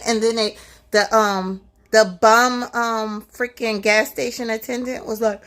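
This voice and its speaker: A woman from New Jersey telling a scary story in a casual vlog, excitable, swearing freely and saying "like" and "right?" a lot. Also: on the high side, normal speed. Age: adult with a son. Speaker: vlogger.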